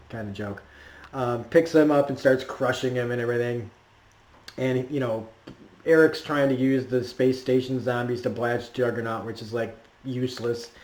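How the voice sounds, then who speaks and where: A man's voice: medium pitch, darkish tone. A man recapping a cartoon episode in a casual, rambling way, full of fillers and laughs. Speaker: cartoon reviewer. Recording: roomy echo.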